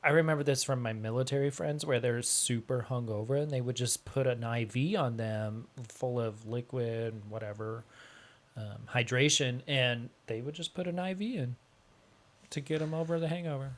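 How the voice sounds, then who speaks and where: Expressive man chatting on a podcast. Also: medium pitch, normal speed. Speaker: podcast co-host. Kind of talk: casual chat.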